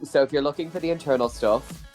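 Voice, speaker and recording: A man's voice: a little high, fast talker, a little mellow, faint music behind. A man hosting a casual podcast, chatty and upbeat in a playful presenter tone. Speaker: podcast host.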